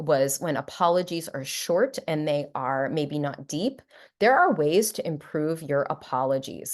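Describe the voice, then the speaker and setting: A middle-aged woman psychologist giving a talk, playful and warm, often acting out example phrases in a lighter voice. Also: low voice. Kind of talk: presentation to an audience.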